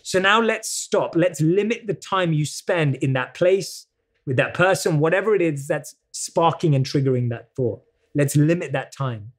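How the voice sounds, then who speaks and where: A man's voice: on the high side, animated, normal speed. A man with a British accent, a guest in an interview, earnestly explaining self-help ideas in a coaching tone. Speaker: podcast guest. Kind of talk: motivational interview talk.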